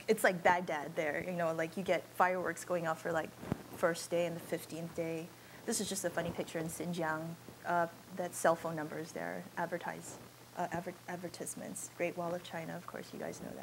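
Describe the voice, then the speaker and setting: A woman's voice: fairly low pitch, slight background noise, low-quality recording. A woman photojournalist giving an informal slideshow talk in a university auditorium, speaking in a candid, conversational and unpolished way.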